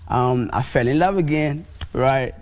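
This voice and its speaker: A man, a musician guest on a TV morning show, talking in a relaxed, slangy, plainspoken way. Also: mid-range voice, unhurried, a little hiss or hum. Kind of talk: casual TV interview talk.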